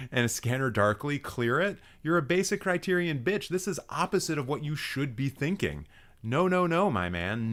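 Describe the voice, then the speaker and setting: A young man hosting a live stream, roasting viewers' film profiles with animated, profane, mock-outraged ranting and chatty asides. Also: medium pitch. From Canada.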